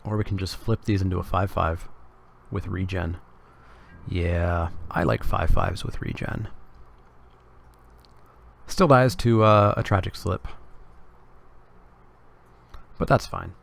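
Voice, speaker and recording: A man's voice: deep voice, unhurried, creaky, long pauses. A Canadian man giving casual, wry live commentary as he plays a card game and jokes with his chat. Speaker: streamer.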